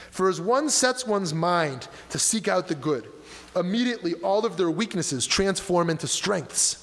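A man's voice: high-pitched, fairly bright tone. Impassioned man preaching in a reverberant hall. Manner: impassioned, rising and falling with emphasis. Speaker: rabbi. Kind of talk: sermon.

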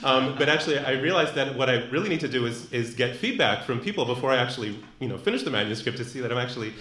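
A man's voice: medium pitch, lively intonation, rapid-fire, pushed and bright. A man giving a live lecture to an audience in a room. He talks thoughtfully, with many fillers and restarts. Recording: echoey room.

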